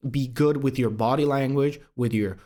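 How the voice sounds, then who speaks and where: A young man hosting a self-improvement video, talking fast and casually with lots of swearing, calling the viewer bro. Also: mid-range voice, a little mellow. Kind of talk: casual monologue to camera.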